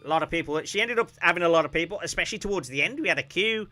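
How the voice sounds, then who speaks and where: A man chatting casually on a stream, telling a story with animated bursts of loud, laughing shouts. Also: on the high side, racing, soft background music.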